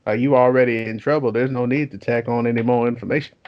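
A man's voice: medium pitch, fast. Profane young man telling a story. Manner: profane, animated storytelling with laughs. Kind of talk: casual storytelling chat. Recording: dull lo-fi sound.

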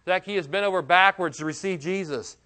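A man preaching a sermon, his voice sitting a little high for a man. He speaks earnestly and with emphasis, breaking off into casual asides and questions to his listeners. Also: brisk, background noise. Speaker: pastor.

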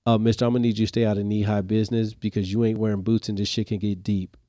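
A man's voice: lowish voice, little pitch movement, quick pace, mellow, no echo, clean studio sound, lightly acted. A man voicing a brash, swaggering preschool boy in a story he tells. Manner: swaggering, sassy.

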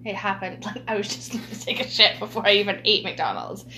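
A woman's voice: medium pitch, fairly quick, slight background noise. Chatty woman telling a story. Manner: animated, laughing storytelling with many fillers. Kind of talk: casual chat.

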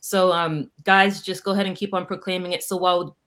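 A woman hosting a livestream devotional, animated, greeting viewers by name and laughing often, a Haitian Creole speaker. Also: fairly low pitch, a little fast. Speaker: prayer livestream host.

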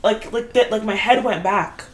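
A young woman co-hosting a podcast, telling an animated story in casual chat, full of "like" and swearing. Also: medium pitch, moderate pace, soft background music. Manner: animated storytelling, swears a lot, heavy filler "like".

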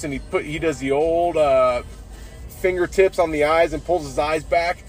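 A man's voice: on the high side, fairly quick, faint music behind. Tipsy man swearing and saying "dude". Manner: profane, says "dude" constantly. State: tipsy from drinking beers. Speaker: podcast host. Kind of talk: casual rambling podcast monologue.

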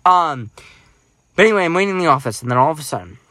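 A man co-hosting a podcast, telling a childhood story in casual chat, animated and acting out quoted voices with many restarts. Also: a little high, racing, no room sound. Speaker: podcast co-host.

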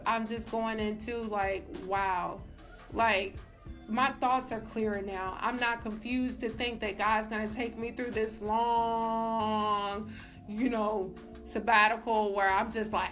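A woman's voice: a little high, fairly bright tone. A young woman giving a casual personal faith testimony, emphatic and filled with "like", as a show host. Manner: casual, emphatic, says "like" often. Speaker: faith vlogger.

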